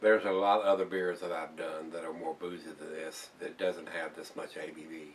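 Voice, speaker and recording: A man's voice: rumbling low, flat delivery, brisk, far from the mic, slight background noise. A man casually reviewing a beer for viewers, rambling and repeating words as he talks.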